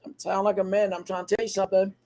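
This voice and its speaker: High-voiced man preaching motivation. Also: flat delivery, racing, darkish tone. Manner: preachy, repetitive motivational cadence. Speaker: podcast co-host. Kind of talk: motivational podcast talk.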